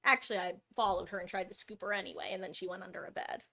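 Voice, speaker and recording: A woman's voice: medium pitch, fairly even intonation, racing, gravelly, sharp tone. A woman streaming live, chatting casually and cooing over her cat between game talk.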